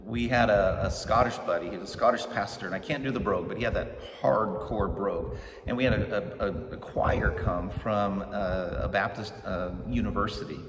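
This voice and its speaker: Heard from afar in a long-echoing church sanctuary, with steady background noise beneath him, a middle-aged male pastor delivers a casual storytelling sermon on scripture. His fairly low voice moves at a moderate pace, joking and conversational, as he acts out characters' lines.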